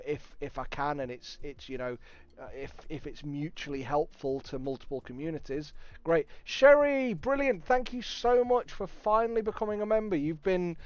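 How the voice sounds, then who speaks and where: A man with a Nottingham accent hosting a casual livestream, chatting, swearing freely and thanking viewers with bursts of excitement. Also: fairly high pitch, clear, resonant tone, dry recording. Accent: Nottingham English. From England. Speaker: livestream host. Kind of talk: casual livestream chat reading viewer comments.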